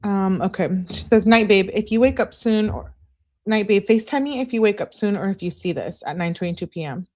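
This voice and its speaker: A woman hosting a livestream reads case text messages aloud with "she says" tags and chats with her viewers, greeting them between messages. Her voice is medium-pitched, fairly quick, and a little mellow.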